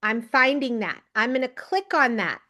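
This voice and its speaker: A woman leading a team training on a video call, giving an energetic pep talk and calling on people by name. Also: fairly high pitch, normal speed. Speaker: team leader coaching recruits.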